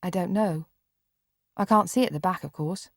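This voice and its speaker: A woman reader voicing a bedridden boy who is blunt, brusque and quick to scold. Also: on the low side, gravelly, no room sound, studio quality. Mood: uneasy.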